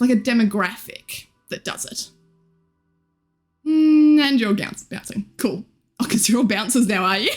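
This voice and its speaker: A young woman in her twenties, live streaming and chatting casually with viewers in a bubbly, giggly, teasing way. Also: on the high side. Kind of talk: casual chat reading viewer comments.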